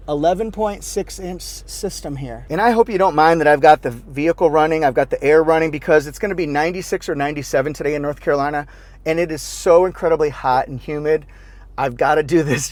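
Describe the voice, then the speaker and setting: A fairly high-voiced man talks through a car review from the driver's seat of a parked car. He's upbeat and playful, throwing in goofy little sound effects as he goes. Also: a little mellow. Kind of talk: casual car review walkthrough. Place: inside a parked car with the engine and air running.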